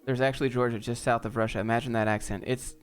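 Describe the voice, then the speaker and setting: A man from the American South answering viewer questions casually on a live stream with quick, offhand replies. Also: medium pitch, fairly even intonation, soft background music.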